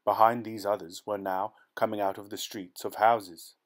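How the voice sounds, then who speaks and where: Low-voiced man narrating an audiobook. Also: flat delivery, normal speed. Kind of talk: scripted narration.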